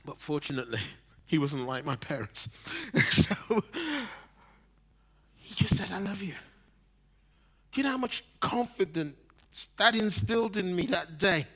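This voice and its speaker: A preacher in his sixties gives a sermon in a voice pitched slightly above average, with lively intonation, an unhurried pace and long pauses. He moves between loud, emphatic lines and soft, almost whispered ones, laughing at his own stories along the way.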